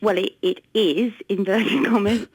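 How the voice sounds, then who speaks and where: A woman's voice: medium pitch, steady tone, a little slow, husky, no echo, low-quality recording. A woman being interviewed on the radio as a research director, often repeating words as she thinks aloud. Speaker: guest, market research director.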